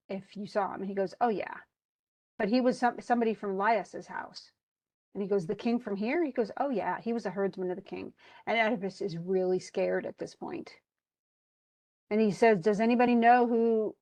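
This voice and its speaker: Woman, literature instructor, casual chatty classroom lecture, mid-pitched, mixes slang with recited verse. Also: no echo. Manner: chatty plot retelling with frequent "he goes" asides; switches between modern slang and quoted archaic verse.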